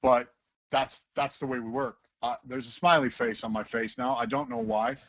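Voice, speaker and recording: A man's voice: mid-range voice, normal speed, gravelly, dull audio. A man, a teacher talking casually in an interview and acting out voices as he tells stories. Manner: animated storyteller who acts out voices.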